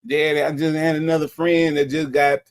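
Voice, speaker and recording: A man putting on a whiny young man who pleads with his father. The voice sits a little higher than the man's own and has a gravelly edge. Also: level tone, brisk, lightly acted. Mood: whining.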